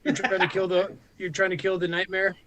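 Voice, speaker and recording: A man's voice: sits high, monotone, brisk, a bit bright. A man playing a tabletop game, joking and teasing the others. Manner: joking, playful. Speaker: player. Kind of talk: casual tabletop play.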